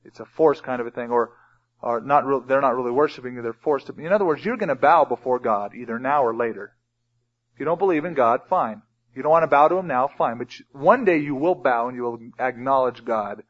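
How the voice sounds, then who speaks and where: A man preaching a sermon as pastor, emphatic and reading scripture aloud. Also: mid-range voice. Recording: dull lo-fi recording.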